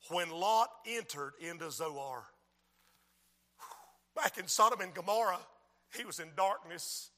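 A male pastor preaching a sermon in a church, moving between quiet lines and shouted appeals. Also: sits high. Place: church sanctuary.

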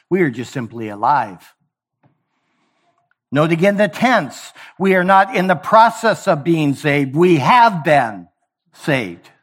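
A man's voice: high-pitched, a bit bright. A man preaching a sermon, emphatic, repeating key phrases and acting out little dialogues.

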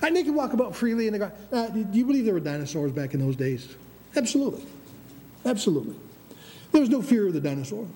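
A man's voice: high-pitched, very animated, fast, darkish tone. A man preaching a sermon with a Michigan Upper Peninsula accent, emphatic, repeating his phrases and sometimes stumbling over words. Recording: reverberant hall with faint ambient noise.

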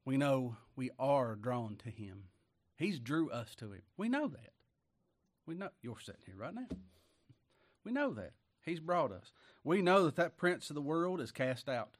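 Expressive and medium-pitched, this man preaches a sermon, giving scripture a slow, weighty reading. Loud emphatic moments give way to quiet asides, punctuated by frequent chuckles.

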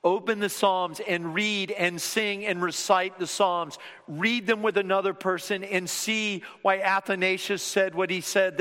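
Preacher swinging from loud to whispered. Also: male voice, high-pitched. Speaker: pastor. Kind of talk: sermon. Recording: reverberant hall.

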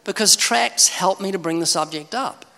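A man's voice: high voice, moderate pace, gravelly. A man, giving a humorous preaching talk on evangelism and acting out conversations. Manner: animated, humorous, acts out conversations. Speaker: evangelist speaker. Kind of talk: preaching talk with acted dialogues. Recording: echoey hall reverb.

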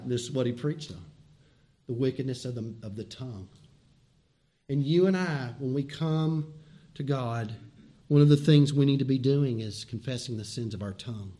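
A man preaching a sermon as pastor, swinging from loud, emphatic repeated words to hushed, folksy asides and direct questions to the listeners. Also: medium pitch.

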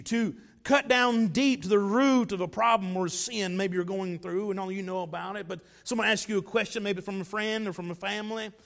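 A man's voice: sits high, a bit bright. A man, a pastor preaching a sermon in an earnest way with light asides.

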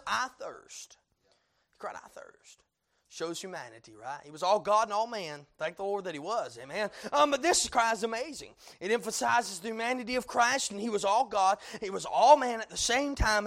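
A man preaching a sermon, dropping to hushed low passages and climbing to loud peaks, with frequent amens and uh fillers. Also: vocal fry.

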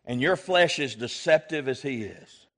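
A male pastor preaching a sermon, swinging from loud exhortation to quiet asides and calling for amens from the congregation. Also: medium pitch, expressive, a little slow.

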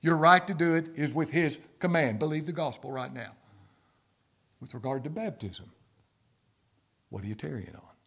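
A man preaching a sermon with passion, rising to loud emphatic peaks, dropping to quiet low asides, and firing rhetorical questions between scripture quotations. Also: normal speed, pauses often, breathy edge.

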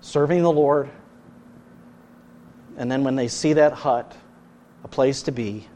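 A man preaching a sermon as pastor, earnest, his voice rising loud and then dropping soft. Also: mid-range voice, slow, a little hiss or hum.

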